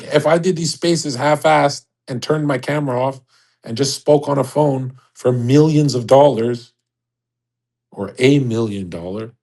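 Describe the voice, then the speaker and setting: Young adult man, breathy and husky, a blunt profane ranter hosting a live audio room. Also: mid-range voice, darkish tone, rough recording. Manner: blunt, crude, ranting. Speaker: host of an audio chat room. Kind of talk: casual profane rant.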